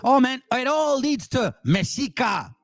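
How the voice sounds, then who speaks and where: A man from Peru giving casual reaction commentary, animated and talking straight to his viewers. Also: very high-pitched, a little slow, background noise. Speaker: channel host.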